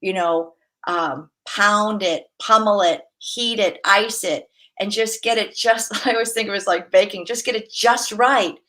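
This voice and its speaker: A woman who works as a massage therapist, a guest chatting casually, telling stories with laughs and acting out quoted voices. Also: medium pitch. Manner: lively storyteller, laughs often, acts out quotes. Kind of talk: casual interview chat.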